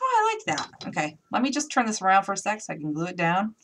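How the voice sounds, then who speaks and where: A woman's voice: medium pitch, huge pitch swings, fast talker, noisy background. A woman chatting to viewers as she demonstrates a craft project in a casual live tutorial. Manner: chatty, talks to viewers while working.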